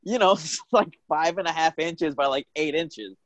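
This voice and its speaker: A man's voice: a little high, moderate pace, no echo, highs cut off. A man who worked at a comedy club, telling stories in casual chat and acting out the people he quotes. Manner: dry storyteller, backchannels often, acts out quotes. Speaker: former comedy club staffer.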